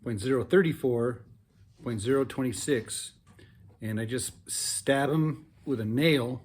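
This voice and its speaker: A man with a relaxed, folksy, enthusiastic manner, chatting casually through a workshop demo of a guitar he built. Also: medium pitch, a little slow. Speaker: cigar box guitar builder. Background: guitar playing.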